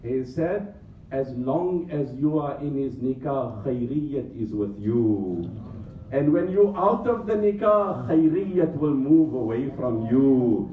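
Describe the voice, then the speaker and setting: A man from Africa, an Islamic scholar, giving an impassioned sermon with joking asides and rapid Arabic recitation in a large mosque hall. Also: mid-range voice, lively intonation, slight background noise. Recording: echoey hall, distant mic, dull sound.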